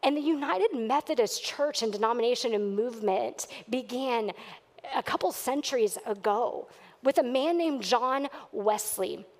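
A woman's voice: fairly high pitch, lively intonation, unhurried, a little mellow, big-room sound. A woman pastor preaching a sermon to her church, earnest and at times emphatic. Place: church sanctuary.

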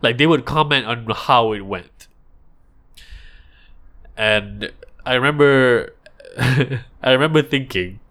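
A man's voice: mid-range voice, takes it slowly, long pauses, fairly bright tone. A man thinking aloud in a casual monologue, rambling with restarts.

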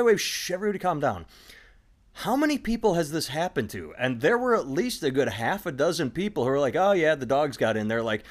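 A middle-aged man hosts a casual comedy podcast. He rambles through stories with plenty of animation and drops into quick put-on voices for the people in them. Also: fairly low pitch. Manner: rambling, animated storytelling with sudden voiced impressions. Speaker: podcast host.

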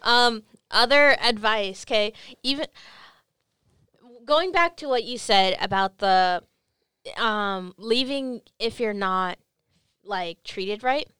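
A woman's voice: mid-range voice, animated, slow pace, fairly bright tone, clean tone, no echo, studio quality. A young woman from California co-hosting a podcast, blunt and emphatic, swearing freely. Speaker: podcast co-host. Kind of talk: casual chat.

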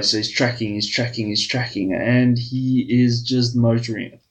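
A man's voice: on the low side, a bit bright, rough recording. A man on a podcast telling a long crude joke, swearing freely and padding it with fillers. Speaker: podcast host.

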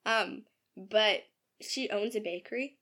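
A young woman co-hosts a podcast and chats casually about her own novel, giggling and leaning heavily on fillers. Her voice sits in the middle range with a slightly bright tone, and she takes her time speaking.

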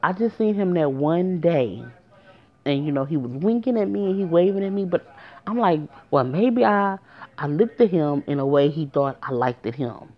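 A woman's voice: deep voice, lively intonation, normal speed. A woman telling a personal story to her viewers in a casual, emotional way, talking straight to them. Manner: emotional, conversational, addresses viewers directly. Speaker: storyteller vlogger. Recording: dull lo-fi recording.

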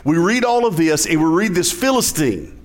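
A man's voice: fairly high pitch, big pitch swings, normal speed. A male pastor with a Southern US accent preaching a sermon in a conversational style, asking the congregation questions.

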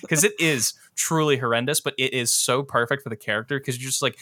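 A man co-hosting a casual film discussion, animated and full of filler words. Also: medium pitch, fast, few pauses, no echo.

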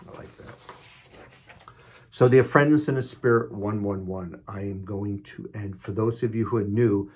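A man's voice: lowish voice, measured pace, darkish tone, breathy edge. A man in his sixties with a Queens New York accent hosts an inspirational podcast, reading affirmations with emphatic stress on key words and chatting casually between readings. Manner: chatty and self-deprecating in asides. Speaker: podcast host.

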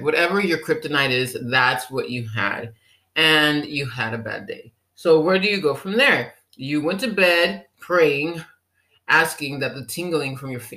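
A health vlogger giving a lively, teasing pep talk straight to the viewer, playfully acting out what the viewer might be thinking. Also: mid-range voice. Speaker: health vlogger addressing people with diabetes. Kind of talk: direct-to-camera pep talk. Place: living in a German-speaking country.

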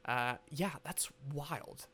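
This young man has a slightly high voice with stretched-out words and a sharp edge. He rambles through a casual movie review, swearing freely and speaking with lots of animation.

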